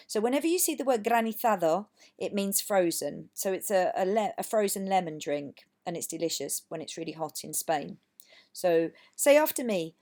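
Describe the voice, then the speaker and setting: English teacher lady doing a recorded lesson, patient and encouraging, normal pitch. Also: darkish tone. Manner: patient, encouraging, models words for repetition. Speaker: language teacher.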